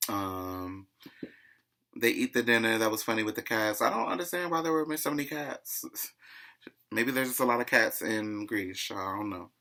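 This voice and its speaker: A man's voice: lowish voice, expressive, moderate pace, sharp tone. Gossipy man recapping reality TV. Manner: chatty and gossipy, keeps saying "child".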